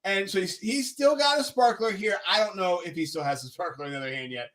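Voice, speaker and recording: Bright, high-voiced male co-host, lively and giggly, live-stream chat. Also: fast talker. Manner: giggly, animated, talks over clips. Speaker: podcast co-host.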